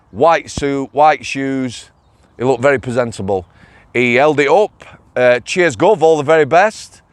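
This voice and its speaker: A middle-aged man from Greater Manchester tells his prison tales in a blunt, chatty way, slipping into local dialect words. His voice sits at an everyday medium pitch. The recording is dry and close, with little room sound. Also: no room sound. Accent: Northern English, Greater Manchester. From England. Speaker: former prison officer and channel host. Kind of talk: casual storytelling vlog.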